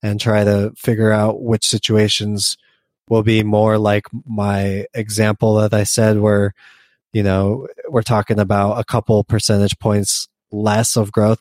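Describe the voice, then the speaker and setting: In a laid-back investing conversation, a male podcast co-host keeps restarting and filling gaps. His fairly low, darkish voice is flat and measured, with no echo.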